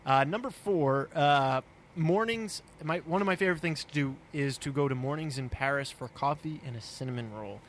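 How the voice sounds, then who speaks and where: A man's voice: on the high side, normal speed, a little hiss or hum. A man co-hosting a podcast, chatting casually and cheerfully, laughing now and then between filler words. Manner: upbeat, chuckles while talking, many uh fillers. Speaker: podcast co-host. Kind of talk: casual chat.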